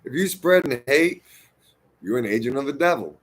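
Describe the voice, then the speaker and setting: A man in the middle of an impassioned rant, his voice sitting at an ordinary pitch. He swears constantly, jumping from loud outbursts to low mutters as he lectures his viewers. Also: expressive, moderate pace. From United States. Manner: profane, heated ranting that swings between loud outbursts and muttered asides. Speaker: vlogger. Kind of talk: impassioned monologue to camera.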